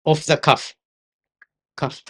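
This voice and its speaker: Slow and fairly bright in tone, this older man with a Japanese accent works as an interpreter. His seminar lecture is a string of stories, occasionally broken by asides in Japanese.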